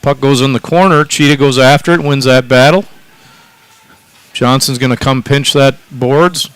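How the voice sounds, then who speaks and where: A man doing relaxed, chatty play-by-play for a local high school hockey game. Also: moderate pace, clear, resonant tone, dry recording, rough recording. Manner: easygoing, chatty, lots of fillers. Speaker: play-by-play announcer.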